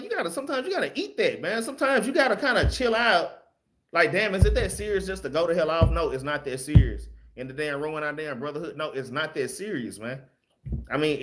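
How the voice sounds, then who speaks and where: A man with a voice on the high side teaches a casual Bible study. He's plain-spoken and loose, frequently closing phrases with "man" and letting some mild swearing slip.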